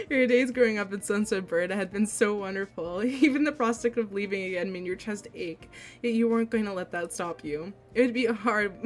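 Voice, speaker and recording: A woman streamer reading a visual novel aloud, excitable and giggly, with squealing reactions between read passages. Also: mid-range voice, fairly quick, soft background music.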